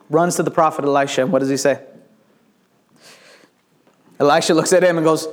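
A middle-aged male pastor preaching a sermon, telling the story in a lively way and acting out the voices. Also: a little high, fairly quick, long pauses. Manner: animated storytelling, acts out voices.

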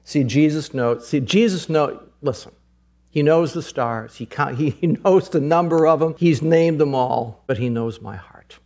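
A middle-aged male pastor preaching with fervour, his voice fairly high for a man. He repeats his phrases for emphasis and climbs to excited, soaring peaks before dropping back to a quiet, earnest tone. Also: moderate pace. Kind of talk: sermon.

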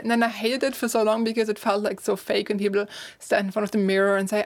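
Chatty German woman with a creaky voice. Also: on the high side, fast, few pauses. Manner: chatty, laughs often, many "like" fillers. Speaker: guest, author and course teacher. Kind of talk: casual interview talk.

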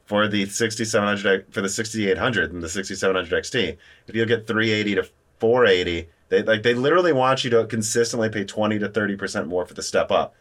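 An animated male podcast host runs a casual chat about tech. His pitch jumps energetically, and he talks on through rapid restarts.

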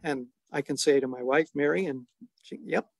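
Brief: middle-aged male storyteller, slightly high voice, close and dry, unhurried with chuckles. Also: creaky, a little mellow, dry recording. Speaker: storytelling guest, father. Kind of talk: relaxed anecdotal storytelling.

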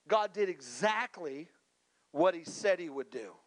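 A man's voice: sits high, animated, normal speed, fairly bright tone. A man preaching a sermon, speaking emphatically with chatty asides and calling out to the congregation. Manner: conversational asides and repeated words. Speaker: pastor.

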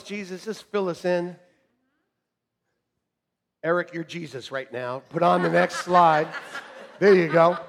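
A middle-aged man preaching a sermon to a congregation, joking and animated, swinging from shouts to quiet asides. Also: high-pitched. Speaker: pastor. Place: church hall with congregation. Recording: long reverb of a church hall.

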